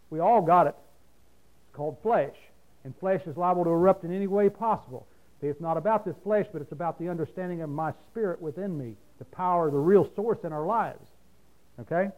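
A man's voice: high voice, phone-quality sound. A man preaching a sermon in a folksy, plain-spoken way, asking his listeners questions and answering them himself.

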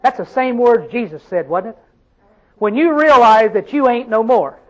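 A man's voice: very high voice, lively intonation, normal speed, a bit bright, muffled recording. A man with a Southern American accent preaching a sermon in a folksy, emphatic way, calling out questions to his congregation.

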